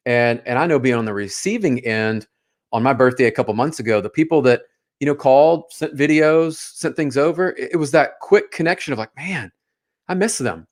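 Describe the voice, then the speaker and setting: A man's voice: mid-range voice, a little fast. A man hosting a casual interview show, enthusiastic and affirming toward his guest. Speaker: host.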